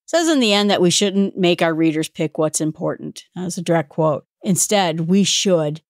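A woman's voice: fairly low pitch, lively intonation, moderate pace, no echo, studio quality. A woman hosting a solo podcast in a chatty, self-deprecating way, reading out quotes from a book now and then. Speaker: podcast host. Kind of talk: casual solo podcast talk.

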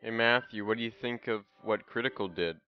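A man's voice: lowish voice, brisk, clean tone, lo-fi sound. A young man streaming a game, ranting in a profane, casual way as he plays. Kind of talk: casual gameplay commentary.

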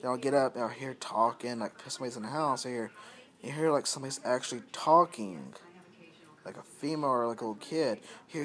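A man talks into his phone camera at home and tells a story in a loose, unscripted way. He rambles, swears freely and circles back over the same points. His voice sits at an ordinary middle pitch. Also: fairly quick, fairly bright tone. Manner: rambling, profane, repetitive. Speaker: vlogger. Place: at home, indoors.

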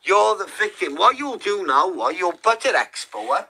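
A man's voice: high-pitched, sing-song, normal speed, bright, forceful tone, slight background noise, low-quality recording. A British man hosting a livestream, delivering an aggressive, sneering rant full of swearing. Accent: British English. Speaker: livestream host. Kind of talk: ranting livestream callout.

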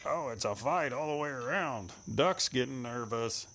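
A man with a drawl chats to his pets outside, teasing, scolding and coaxing them. His voice is gravelly and his pitch swings widely, often leaping into high coaxing calls. Faint crickets and insects fill the rural air behind him. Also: lively intonation, normal speed, fairly bright tone, slight background noise. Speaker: animal keeper filming his pets. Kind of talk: casual running commentary to animals. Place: outdoors, rural.

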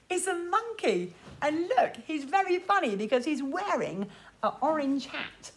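A woman leading a sing-along class for young children in a lively, sing-song way. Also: high-pitched, unhurried. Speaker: children's music class teacher.

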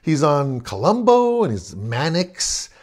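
A middle-aged Southern California man tells an old story about his neighborhood, improvising as he goes. His slow, slightly mellow, sing-song voice rises and falls with the tale, and he rambles, corrects himself and chuckles between phrases in this casual anecdote.

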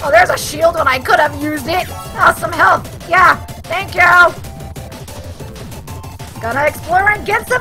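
Very high-pitched, excitable young woman gamer. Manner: excitable, swearing, frequent shrieks and yelps. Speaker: gaming channel host. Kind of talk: let's play commentary.

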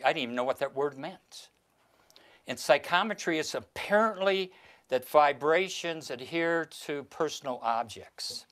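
An older man with a slightly high voice talks an audience through a stage trick. He gives chatty, step-by-step directions and teases his volunteers gently. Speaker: magician performing for an audience. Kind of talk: archival stage performance with patter.

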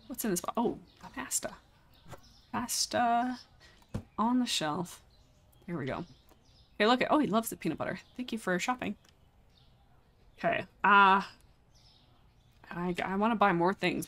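A woman's voice: fairly low pitch, a bit bright. A young adult woman chatting casually through a live game stream, exclaiming often and talking straight to her viewers.

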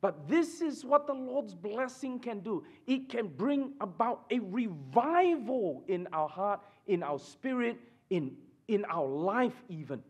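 A man preaching a sermon in church, emphatic and animated, often asking the congregation "right?" and dropping suddenly to a hush. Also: high-pitched, takes it slowly, slightly rough. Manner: repeats and restarts phrases, addresses the congregation with "right?". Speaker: pastor.

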